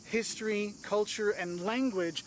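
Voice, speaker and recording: A man giving advice to tourists in a travel vlog, energetic and emphatic. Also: sits high, unhurried, a little hiss or hum. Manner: energetic, emphatic, acts out tourists in quoted voices. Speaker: travel video host.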